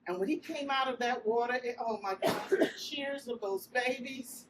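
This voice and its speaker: Woman telling a heartfelt story to a crowd of ladies, kinda high voice, lots of background noise. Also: normal speed, distant mic. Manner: expressive storytelling, breaks into loud cries when acting out quotes. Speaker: speaker sharing a story with an audience. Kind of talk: emotional inspirational speech. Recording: speech recorded with steady background noise.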